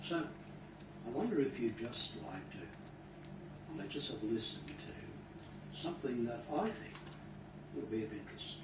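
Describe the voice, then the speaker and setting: A man who is a hypnotist, leading a live training demonstration and talking in a calm, soft-spoken way that sometimes drops to a hush. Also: mid-range voice, unhurried, long pauses. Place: training room with an audience. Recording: roomy, distant, dull recording with noise.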